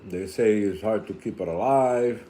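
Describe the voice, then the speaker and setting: A young man with a low voice talks loosely in a home vlog. He rambles and restarts his sentences as he walks through his aquarium setup, with a faint hiss of room noise behind him. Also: normal speed, mellow. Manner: rambling, restarts often, talks while eating. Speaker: reef tank hobbyist vlogger. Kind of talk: casual vlog talk.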